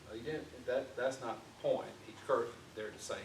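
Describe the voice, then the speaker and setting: A man with a steady, mid-range voice at normal speed chats his way through an informal Bible class in a church classroom, with frequent fillers and restarts. The audio is echoey and faintly noisy, picked up by a distant mic.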